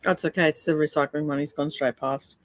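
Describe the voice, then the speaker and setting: A woman's voice: low-pitched, steady tone, brisk. A middle-aged woman from Australia hosting a casual crafting live stream, chatting in a rambling way with many ums. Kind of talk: casual chat while crafting. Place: home craft room.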